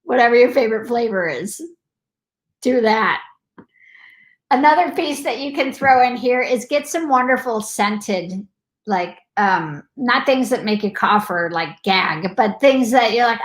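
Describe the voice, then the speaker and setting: A woman's voice: fairly high pitch, unhurried, a bit bright. Bubbly woman gushing in an echoey room. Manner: bubbly, gushing, affectionate, chatty. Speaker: live-stream host. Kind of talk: casual motivational live stream.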